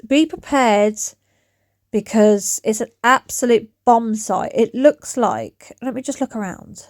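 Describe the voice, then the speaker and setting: Woman DIY vlogger, about forty, chatty and rambling, slightly high voice, dry throat, close dry phone sound outdoors. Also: slow, darkish tone, no room sound. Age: around 40. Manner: rambling, chatty, loses her thread. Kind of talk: chatty vlog talk to camera. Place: outdoors in her back garden. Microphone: phone camera.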